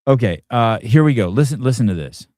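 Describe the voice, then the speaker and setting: A man's voice: medium pitch, lively intonation, a little fast, darkish tone, dry recording, studio quality. A man hosting a show, giving casual reaction commentary in a combative, profane rant aimed at his audience and producer. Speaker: podcast host.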